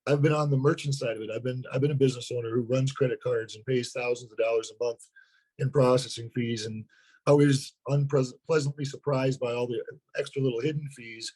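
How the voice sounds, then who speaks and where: A hoarse man, a sales partner, talking earnestly in a webinar interview and often repeating words as he starts a thought. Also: mid-range voice, fairly even intonation, a little fast, darkish tone, poor audio. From North Dakota.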